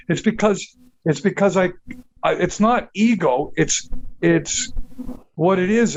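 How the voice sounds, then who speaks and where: Slow-talking profane older man telling stories. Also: sits high, dull audio. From Canada. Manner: profane, animated, acts out quotes with laughs. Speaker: guest musician. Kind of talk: casual storytelling interview.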